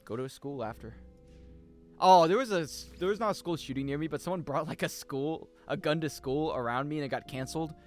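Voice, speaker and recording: A man's voice: on the high side, a little fast, faint music behind. A young man, chatting casually on a gaming stream, joking, swearing freely and rambling. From United States.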